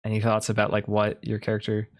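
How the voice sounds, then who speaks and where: A man's voice: lowish voice, completely flat delivery, fast. A man narrating a tabletop game as game master, loose and casual. He giggles often and fills his scene-setting with ums and likes. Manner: casual, giggly, filler-heavy.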